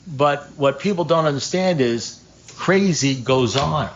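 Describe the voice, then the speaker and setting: An older man shares his recovery story at a meeting, acting out both sides of old phone calls and cursing freely. His voice sits at an average pitch. The room recording is a little muffled, with faint ambience behind him. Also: unhurried, a little hiss or hum. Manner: animated storyteller, acts out phone calls, swears, laughs at his own punchlines. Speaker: AA speaker.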